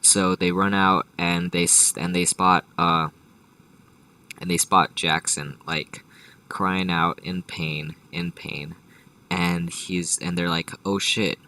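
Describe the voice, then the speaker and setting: A man's voice: low voice, level tone, slow, bright, forceful tone, no echo, distant mic, low-quality recording. Man, improvised comic storyteller, rambling, profane, lots of restarts, dry room. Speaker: storyteller host.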